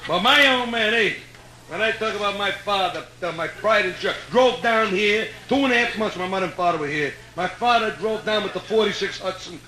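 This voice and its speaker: A man's voice: sits high, fast. A middle-aged man with a Brooklyn accent, telling jokes in a brash, streetwise way as a live stand-up comedian. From Brooklyn, New York. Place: hotel nightclub stage. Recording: echoey live club recording with loud room noise.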